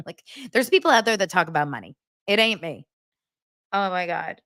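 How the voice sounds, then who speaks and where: A podcast host in her forties speaks at a normal speed in a studio-quality recording with no room sound. She chats casually about TV in a pop-culture recap, laughing often and animatedly acting out quotes in a higher voice.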